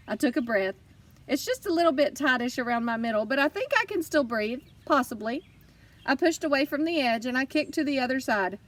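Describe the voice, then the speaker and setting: Lady reading a kids book, high voice, lively and expressive. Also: brisk, distant mic. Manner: lively, expressive first-person storytelling. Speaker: audiobook reader. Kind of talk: children's audiobook narration.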